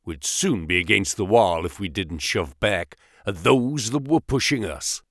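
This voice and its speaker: A man's voice: lowish voice, expressive, unhurried, no room sound, studio quality, pitched below the performer's own voice. A man voicing a burly, menacing male gang boss with a growling, mocking manner in an audiobook. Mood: gruff.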